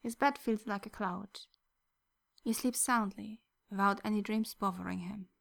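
Gentle woman reading a story aloud. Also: mid-range voice, steady tone, a little slow, creaky. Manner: soft, gentle storytelling, dropping to near-whispers. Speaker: narrator. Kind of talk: audiobook reading of fan fiction.

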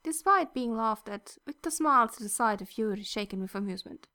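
A woman narrating a fan fiction story in a soft, gentle reading voice that at times drops close to a whisper. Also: on the high side, expressive, brisk.

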